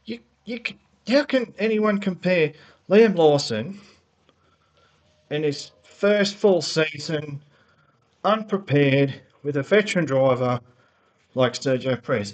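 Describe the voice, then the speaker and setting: Heated man ranting into his laptop. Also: a little high. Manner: heated, rambling, repeats words and restarts, grows more worked up. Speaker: motorsport fan vlogger. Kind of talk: unscripted opinion rant. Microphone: laptop built-in mic.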